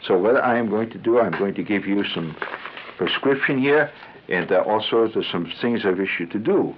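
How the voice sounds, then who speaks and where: A man's voice: fairly low pitch, animated, normal speed, slight background noise, close to an everyday voice. A man voicing a fussy, avuncular older doctor with a slight foreign accent and a pompous, murmuring manner. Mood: solemn. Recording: tinny 1970s radio broadcast.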